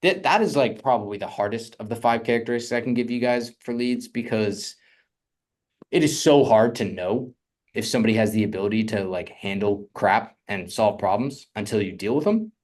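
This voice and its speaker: A young man coaching on real estate funding in a casual, energetic teaching talk, often asking "right?". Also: lowish voice, brisk.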